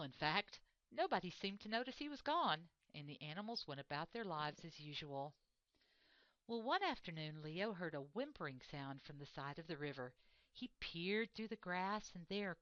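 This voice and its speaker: A woman reading a children's storybook aloud in an expressive, measured way. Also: lowish voice, dry recording. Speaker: reader. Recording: dull lo-fi dry recording.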